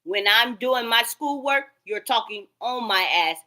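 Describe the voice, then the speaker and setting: A woman's voice: fairly high pitch, animated, a little slow, bright, forceful tone. A woman ranting straight to camera in a profane, rambling, heated way.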